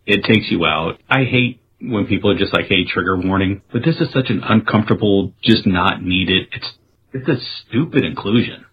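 A man's voice: low voice, dull audio, slight background noise. A man co-hosting a casual film review chat who speaks frankly and swears freely. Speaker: podcast co-host.

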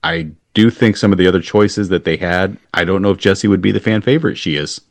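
A man's voice: sits low, fairly even intonation, quick pace, dry recording. A man and parent co-hosting a casual film podcast, enthusiastic and self-deprecating, with easy laughs.

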